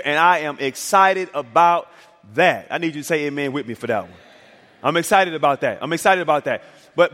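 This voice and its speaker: High-voiced preacher man in a reverberant hall. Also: sharp tone. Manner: storytelling preacher, acts out dialogue, builds to emphatic climaxes. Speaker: pastor. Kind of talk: sermon. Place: church sanctuary.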